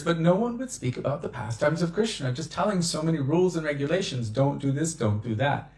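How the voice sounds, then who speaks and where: A man giving a devotional talk on scripture, telling stories with lively acted-out quotes. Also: fairly high pitch, brisk, reverberant. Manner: animated storyteller who acts out quotes. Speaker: devotional speaker.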